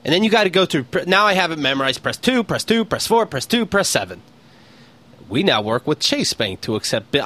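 A man's voice: fairly high pitch, big pitch swings, brisk, sharp tone. A man co-hosting a casual comedy podcast, ranting with exaggerated impressions of phone menus. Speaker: podcast co-host.

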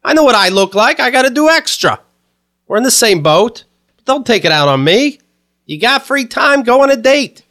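A podcast co-host rants in casual chat, swearing freely and laughing between points. His voice sits high for a man and leaps around. He sounds lively and loose. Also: moderate pace. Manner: profane, ranting, laughs often.

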